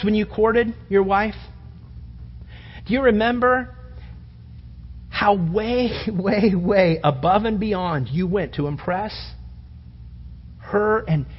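A middle-aged man preaching a humorous sermon, acting out little scenes in quieter voices. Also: high voice, slightly rough. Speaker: pastor. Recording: dull sound with long reverb in a hall.

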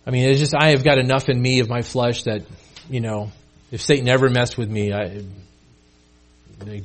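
A man's voice: medium pitch, fairly even intonation, normal speed. A male pastor delivering a sermon in a casual, conversational way, often repeating and restarting words.

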